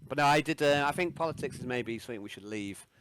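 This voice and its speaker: A man narrating as game master of a tabletop game, rambling with many pauses and restarts. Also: medium pitch, fairly bright tone, a little hiss or hum.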